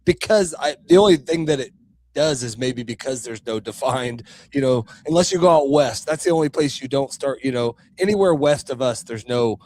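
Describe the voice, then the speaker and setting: A man's voice: medium pitch, animated, normal speed, a little mellow, slight background noise. A man from Kansas with a faint Kansas accent, co-hosting a podcast in casual chat, rambling and correcting himself. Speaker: podcast co-host.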